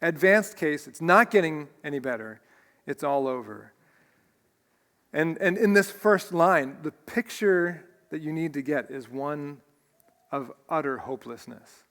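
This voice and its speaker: A man's voice: fairly high pitch, unhurried, a bit bright, in a large hall. A man preaching a sermon as pastor, earnest and emotional, often restarting his phrases. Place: church sanctuary.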